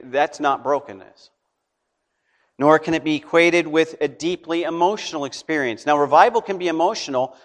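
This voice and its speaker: A man's voice: a little high, in a large hall. A man preaching a sermon in a conversational way, often checking in with his listeners. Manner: conversational preaching with frequent "okay?" check-ins. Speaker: pastor.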